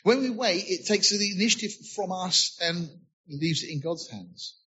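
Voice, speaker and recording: A man's voice: high voice, expressive, normal speed, bright, forceful tone, slightly rough, dull audio. A man preaching a sermon, earnestly explaining scripture and asking rhetorical questions.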